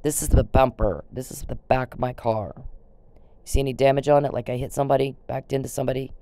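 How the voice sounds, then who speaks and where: A woman's voice: very deep voice, steady tone, fast talker, warm tone, a little hiss or hum. A woman vlogging in a rambling, indignant to-camera rant, swearing freely.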